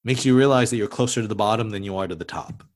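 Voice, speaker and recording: A man preaching a sermon as pastor, conversational, often restarting and adding asides, dropping to a hush on solemn words. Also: lowish voice, racing.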